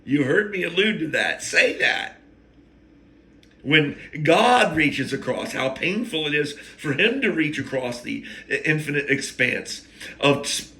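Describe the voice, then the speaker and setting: A man's voice: fairly high pitch, lively intonation, a little slow, bright, forceful tone, a little hiss or hum. A man hosting a rambling, emotional spiritual monologue, often wandering off topic and catching himself. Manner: digressive, emotional, self-interrupting. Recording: echoey room.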